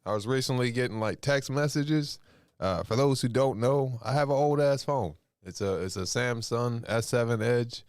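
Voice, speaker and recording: A man hosting a call-in podcast, talking in a relaxed, rambling, slangy way. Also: mid-range voice, moderate pace, no echo, studio quality. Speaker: podcast host. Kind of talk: casual call-in chat.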